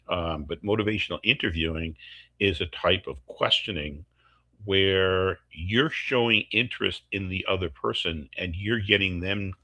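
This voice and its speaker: A man's voice: deep voice, pushed and bright. A man, a course instructor, explaining teaching techniques step by step through worked examples over a video call.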